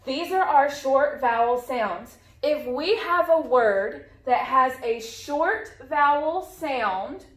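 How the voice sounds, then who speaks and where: Slow-paced woman teaching phonics, echoey room. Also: a little high. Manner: slow, clear, drawn-out modeling of sounds with repetition. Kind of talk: phonics lesson for young children.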